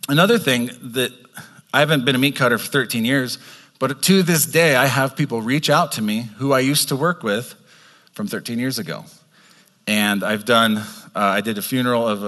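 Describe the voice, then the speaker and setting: A man's voice: mid-range voice, fairly quick, pushed and bright. A man preaching a sermon as pastor, talking in a conversational way and restarting his sentences.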